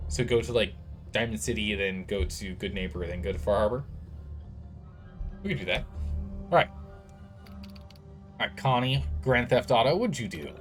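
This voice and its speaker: A man streaming a video game, chatting casually with viewers and reading game text aloud. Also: medium pitch. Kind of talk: casual let's-play chat with stream chat.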